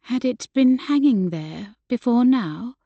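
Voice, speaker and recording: A woman's voice: fairly high pitch, animated, slow pace, vocal fry, no room sound, dull audio, voice pushed up, full character voice. A woman voicing a young Regency lady in love, speaking shyly and a little tremulously. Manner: shy, tremulous.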